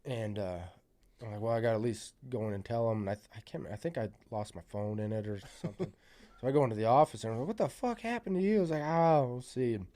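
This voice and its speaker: A man telling a wild story in casual podcast chat, rambling with lots of fillers and swearing, louder as it builds. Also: lowish voice. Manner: rambling, profane, many fillers; gets loud and excited at the climax.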